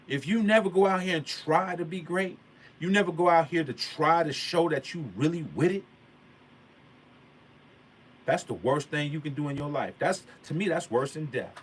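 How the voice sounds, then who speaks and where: A man's voice: a little high, lively intonation, moderate pace, a little hiss or hum. A man vlogging a motivational story in a casual, slangy way, stressing and repeating his points like a sermon. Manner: emphatic, preachy, repeats key points.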